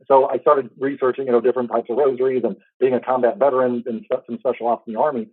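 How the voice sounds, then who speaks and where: A man in his thirties telling a heartfelt personal story in a casual, halting way, full of restarts. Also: mid-range voice, flat delivery, slightly rough, dry recording, phone-quality sound. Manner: fast, halting, with many restarts and fillers; earnest, heartfelt. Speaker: podcast host.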